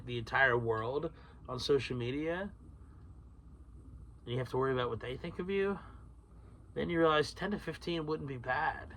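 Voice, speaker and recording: A man's voice: medium pitch, a bit bright, slight background noise. A man hosting a solo podcast, rambling through tangents, swearing freely and laughing at himself. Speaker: podcast host.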